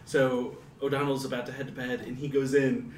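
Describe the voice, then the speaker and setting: A man telling a story haltingly, with many ums, in casual podcast chat. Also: medium pitch, little pitch movement, recorded from a distance, a little hiss or hum. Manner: hesitant, filler-heavy storyteller. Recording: roomy echo, off-mic, faint ambience.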